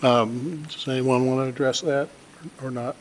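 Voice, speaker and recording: A man's voice: medium pitch, steady tone, moderate pace, heavy background noise. A man serving as mayor, chairing a council meeting with brief procedural remarks. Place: council chamber.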